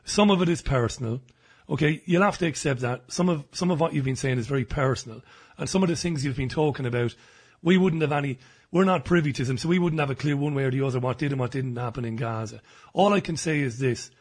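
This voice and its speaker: A man hosting a radio interview, measured and conciliatory with his guest. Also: medium pitch, husky. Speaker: host.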